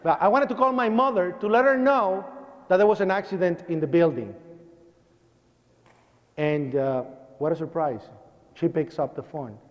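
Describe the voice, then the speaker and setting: Puerto Rican man, high voice, animated storyteller, church hall reverb, dull broadcast sound. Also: moderate pace. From Puerto Rico. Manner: animated storyteller acting out dialogue. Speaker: speaker. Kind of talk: personal testimony speech.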